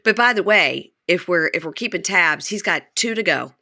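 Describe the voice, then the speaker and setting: A woman's voice: on the low side, moderate pace. A woman hosting a podcast, recapping a show in casual chat and acting out the lines she quotes. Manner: animated storyteller who acts out quoted lines. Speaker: podcast host.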